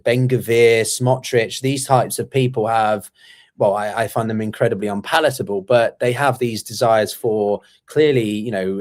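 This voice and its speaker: Man, low voice, guest analyst, hesitant, lots of ums and restarts, thoughtful commentary. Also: a little mellow. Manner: measured, with frequent ums and restarts. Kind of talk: conversational commentary.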